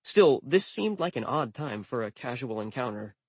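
A man's voice: mid-range voice, sing-song, normal speed, husky, no echo. A man narrating a story in the first person with a dry, wry manner. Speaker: audiobook narrator.

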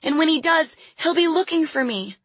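Frightened young girl for a storybook, put on by a woman narrator, high and shrill, dry close sound. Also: animated, normal speed, fairly bright tone, no room sound. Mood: pleading. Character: terrified little girl, pleading and desperate.

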